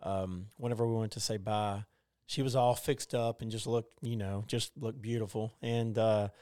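A man's voice: lowish voice, fairly even intonation, moderate pace, a little mellow, smooth, no echo, clean studio sound. A middle-aged man telling a personal story in casual conversation, rambling with many fillers and restarts. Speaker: podcast co-host.

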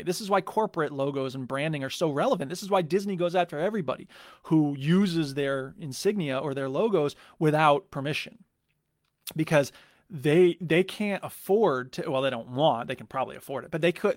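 A man's voice: a little high, no echo, clean studio sound. A man hosting his own show, talking through ideas in a casual, rambling way with many restarts and fillers. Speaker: podcast host. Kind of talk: casual spoken commentary.

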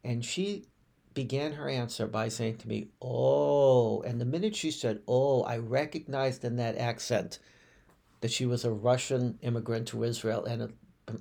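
A man's voice: medium pitch, steady tone, vocal fry, a little mellow. A man, a rabbi telling personal stories on a podcast in a reflective way, often restarting his sentences. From United States. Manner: reflective, unhurried, with frequent restarts and fillers.

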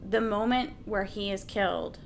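A woman's voice: medium pitch, moderate pace, vocal fry, slight background noise. A woman in casual chat about a film, enthusiastic and laughing, swearing freely. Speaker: podcast co-host discussing a film.

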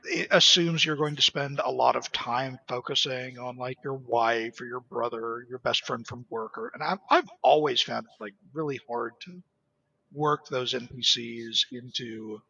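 A man chatting casually on a tabletop game podcast, relaxed and halting, with some swearing. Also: mid-range voice, gravelly, breathy edge, dry recording. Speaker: podcast co-host, player. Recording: dull lo-fi recording.

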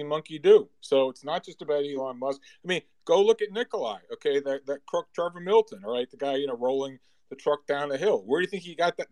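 A man's voice: a little high, darkish tone, dry recording. A man hosting a casual panel discussion, blunt and outspoken, stumbling and repeating words when he gets heated. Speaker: host.

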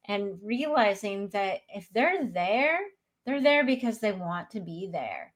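A woman's voice: medium pitch, lively intonation, slow. A woman speaks in an earnest, reflective way in a casual talk about grief. Her voice sits in a middle range. She brings more energy when she acts out the people she quotes.

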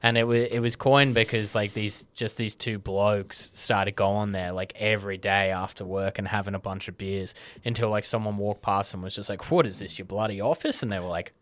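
A man in casual chat, telling a local story in a relaxed, hesitant way. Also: lowish voice, moderate pace, hardly any pauses, no echo.

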